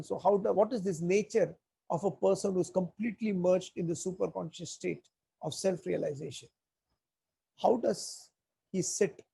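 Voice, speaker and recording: A male teacher lecturing on scripture, his voice gravelly with a husky edge. He drifts into stories from old movies and slows right down to chant verses. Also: high voice, a little mellow. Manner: digressive, chants verses slowly. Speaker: spiritual teacher.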